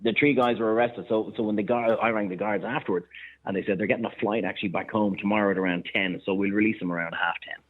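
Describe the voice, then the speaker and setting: An Irish man, a chef and restaurant owner, telling stories in a lively way on the radio and acting out the people he quotes. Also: on the low side, fast. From Ireland. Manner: animated anecdote-teller, acts out quoted voices. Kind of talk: casual radio storytelling. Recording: thin phone-line sound.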